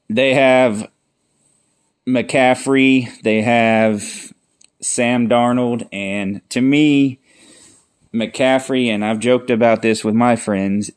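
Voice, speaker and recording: Slow-talking man hosting a podcast. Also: mid-range voice, no room sound, clean studio sound. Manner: rambling, folksy, shouts chants when telling jokes. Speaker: podcast host. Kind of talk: casual solo podcast monologue.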